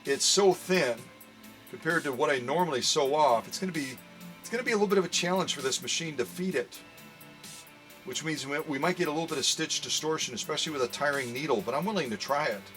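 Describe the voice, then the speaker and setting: A man's voice: a little high, quick pace, a bit bright, faint music behind. A man hosting a live premiere sewing demo, talking playfully to viewers as folks. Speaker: sewing machine restorer.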